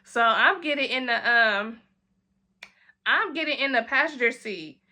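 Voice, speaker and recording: Bright, high-voiced young woman telling a story. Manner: animated, acts out friends' lines in quick quoted voices. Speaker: vlogger. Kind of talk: storytime vlog.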